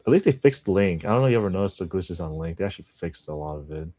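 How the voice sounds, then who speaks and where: Man with a very low voice, casual livestream chat, rambling, laughs a lot. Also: expressive, rapid-fire, warm tone. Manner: rambling, laughs often, chats with viewers. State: just woke up. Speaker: livestreaming language learner.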